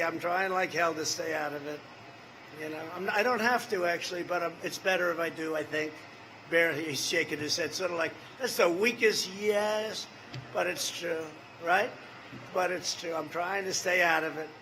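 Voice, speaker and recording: A man's voice: sits high, sharp tone, slight background noise, low-quality recording. Rambling older man at a rally. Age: 70s. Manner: rambling, repetitive, with off-the-cuff asides to the crowd. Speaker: politician at a campaign rally. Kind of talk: campaign rally speech. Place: large rally venue.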